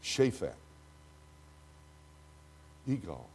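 A dramatic older preacher with a Texan accent, delivering a sermon to a church congregation. His dark, mellow voice swings between booming emphasis and quiet asides. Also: big pitch swings, very slow, gravelly, breathy edge. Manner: dramatic, swinging from loud to hushed.

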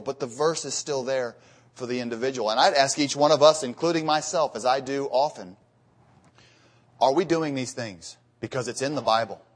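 A man preaching a sermon, earnest and building to emphatic peaks, often repeating words as he goes. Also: on the high side.

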